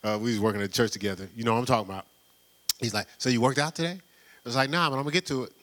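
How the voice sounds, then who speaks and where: A man preaching a sermon in a loose, conversational way, full of rhetorical questions and quick laughs. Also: mid-range voice, fairly bright tone. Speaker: pastor.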